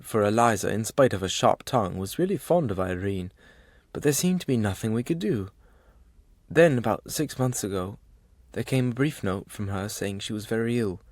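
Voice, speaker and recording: A man reading an audiobook, voicing a plain-spoken, warm-hearted working man who tells his story earnestly. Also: on the low side, no echo, studio quality, lightly acted.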